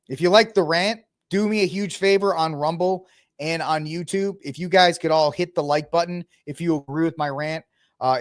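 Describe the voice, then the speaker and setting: A man's voice: fairly high pitch, no room sound, clean studio sound. A man hosting a podcast, ranting with sarcasm and mocking impressions in a heated political commentary. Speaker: podcast host.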